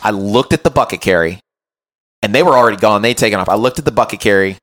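Low-voiced man telling a story. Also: fast. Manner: animated, self-mocking, keeps adding "right?". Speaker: podcast host and run coach. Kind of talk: casual storytelling chat.

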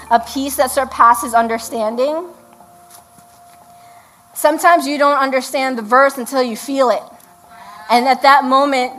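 A middle-aged pastor's wife preaches an earnest sermon in a voice that sits high, captured on a rough recording. She slows down when reading scripture and prays softly at the end.

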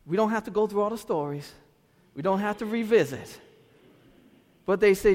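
A man in his thirties from Lynn, Massachusetts, with a Boston-area accent, preaching a sermon as a pastor through animated storytelling with street slang. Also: high-pitched, moderate pace, long pauses. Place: church sanctuary. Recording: reverberant church hall.

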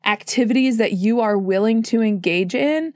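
A woman's voice: on the high side, moderate pace, a little mellow, dry recording, clean studio sound. A woman hosting a solo mental health podcast, chatty and self-deprecating, who laughs often, with a slightly sore throat. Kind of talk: casual solo podcast monologue.

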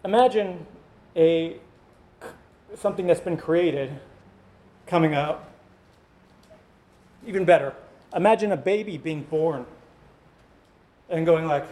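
High-voiced man preaching casually. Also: lively intonation, slow, pauses often, mellow. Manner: conversational, joking asides to the congregation. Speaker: pastor. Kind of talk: sermon.

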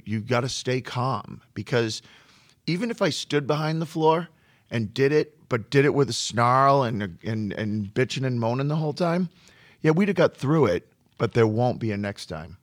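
A man who runs a flooring business tells work stories in a relaxed conversation, often repeating a word while he gathers his thoughts. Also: medium pitch, a little slow, dry recording, studio quality. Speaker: flooring contractor. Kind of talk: storytelling in a podcast conversation.

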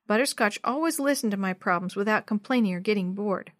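A woman's voice: medium pitch, brisk, no room sound, studio quality. Woman reading a children's book aloud. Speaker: narrator.

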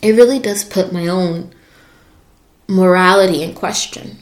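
A woman's voice: fairly low pitch, measured pace, echoey room. A young woman hosting a podcast, reflecting on her life in an emotional voice that wavers and cracks. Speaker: podcast host. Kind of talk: personal reflective monologue.

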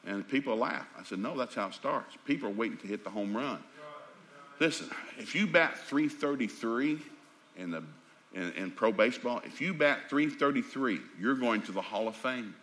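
A middle-aged man preaching a sermon in a folksy, animated, joking storytelling manner. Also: mid-range voice, moderate pace.

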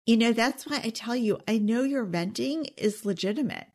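A woman's voice: on the high side, moderate pace, a little mellow. A woman giving a confiding self-help talk straight to her listeners, earnest and intimate, sometimes dropping to a whisper. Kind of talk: confiding direct-to-camera talk.

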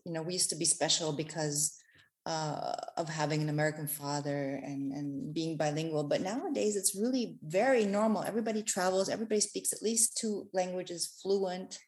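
A woman from Germany with a slight German accent, a guest in a casual interview. She talks in a relaxed, hesitant way with fillers. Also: low-pitched, normal speed.

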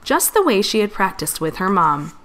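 Woman, storybook read-aloud, gentle, expressive, lively pitch. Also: normal speed. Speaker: storybook reader. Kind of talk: reading a children's storybook aloud.

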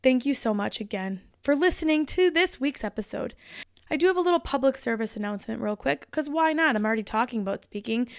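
A woman's voice: high voice, no echo, clean studio sound. A woman in her thirties hosting a solo podcast, talking in a chatty, upbeat and encouraging way. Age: 30s. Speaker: podcast host and motivational speaker.

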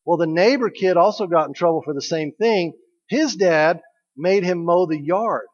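A pastor with a high voice preaches at normal speed, keeping his sermon conversational and joking while posing questions to the congregation. The audio is dull, with long hall reverb.

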